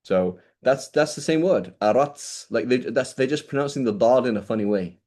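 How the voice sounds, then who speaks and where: A male teacher lecturing in an easygoing, conversational way, tagging "right?" onto most sentences. He keeps turning to his students with quick questions. His pitch sits in the middle for a man. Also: expressive, darkish tone. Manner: casual, checks in with "right?" constantly. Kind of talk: classroom lecture.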